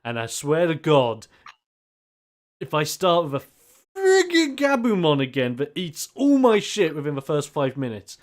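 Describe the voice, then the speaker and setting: A man's voice: fairly high pitch, huge pitch swings, a little slow. Joking man in casual stream chat. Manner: joking, self-deprecating banter. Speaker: co-host.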